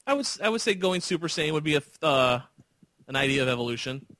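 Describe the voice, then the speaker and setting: Excited rambling male podcast host. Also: a little high, fast talker, no room sound. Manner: enthusiastic, rambling with restarts. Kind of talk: casual podcast chat.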